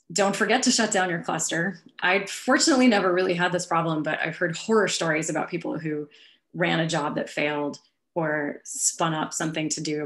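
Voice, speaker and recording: A woman giving a casual tech talk over a video call, answering questions with frequent ums. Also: low-pitched. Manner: casual, relaxed, with frequent um fillers. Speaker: speaker at a tech meetup.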